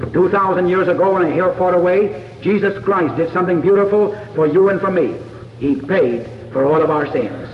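Earnest preacher man, lively pitch, echoing hall. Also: a little hiss or hum. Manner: earnest, pleading, slow deliberate phrasing. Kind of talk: sermon altar call. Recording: dull lo-fi echoey hall from far off.

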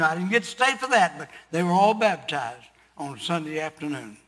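An older man preaching a sermon, telling a story and building to loud, emphatic preaching. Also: a little high, big pitch swings, moderate pace, in a large hall.

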